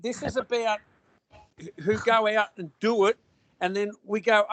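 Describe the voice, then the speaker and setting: A man's voice: high-pitched, steady tone, a little slow, long pauses, a bit bright, dry recording. A man with an Australian accent in casual conversation, talking bluntly and rambling with lots of restarts and slang.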